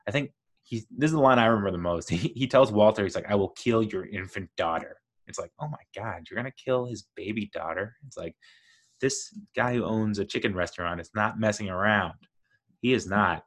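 A man hosting a solo podcast, talking through his thoughts in an enthusiastic, rambling way. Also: lowish voice. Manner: enthusiastic, rambling, lively storytelling. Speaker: podcast host.

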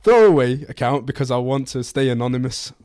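A young man, a podcast co-host, reading a post aloud in a steady, plain voice. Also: medium pitch, a little fast, no echo, clean studio sound.

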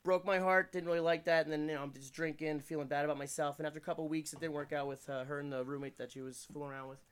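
Fast-talking rambling comedian guy. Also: on the high side, steady tone, smooth. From Pennsylvania. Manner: rambling, crude, self-deprecating anecdotes. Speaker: comedian guest. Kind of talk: casual podcast storytelling. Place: indoors room.

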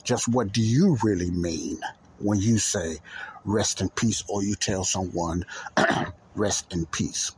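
A man's voice: on the low side, slow, a little mellow, breathy edge. A man hosting a Christian talk show, talking earnestly and repetitively straight to his listeners. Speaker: podcast host.

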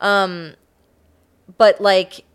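A woman's voice: mid-range voice, flat delivery, very slow, smooth. A woman co-hosting a podcast, casually telling a true-crime story with lots of "like". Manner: laid-back storytelling, frequent "like". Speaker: podcast co-host telling the case.

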